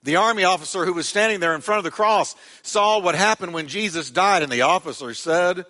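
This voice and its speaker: A male pastor delivers a sermon in a church sanctuary with a fairly high, bright, forceful voice. He reads scripture with dramatic voiced quotes and then prays, and his words ring out with a long hall reverb. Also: brisk, hardly any pauses.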